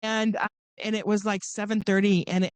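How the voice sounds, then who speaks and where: A middle-aged woman speaks in a loose, conversational storytelling voice, her pitch leaping up whenever she acts out what someone said. Her voice is pitched in the middle range for a woman, and the recording is dry and close, with no room sound. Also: fairly quick, dry recording. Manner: animated, acts out quoted voices with big pitch jumps. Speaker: podcast guest. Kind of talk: casual storytelling.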